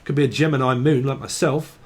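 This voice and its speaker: Rambling, sweary tarot reader. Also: male voice, mid-range voice, steady tone, a little fast. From northern England. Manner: rambling, sweary, free-associating on words; laughs often. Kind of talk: casual channelled tarot reading.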